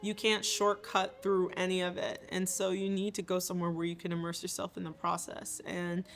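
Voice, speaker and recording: A woman's voice: on the low side, flat delivery, normal speed, soft background music. A woman composer and theater maker talking about her work in a thoughtful, earnest way. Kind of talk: reflective interview talk.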